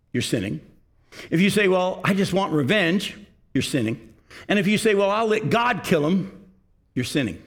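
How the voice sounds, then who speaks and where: Earnest male pastor preaching a sermon. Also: a little high. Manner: earnest, questioning the congregation directly.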